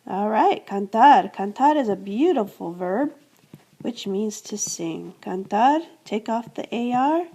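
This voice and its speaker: This woman, a Spanish teacher from the United States, speaks slowly with a medium-pitched, dark voice and lively intonation. Her classroom-style grammar lesson proceeds step by step as she repeats verb endings and answers her own questions.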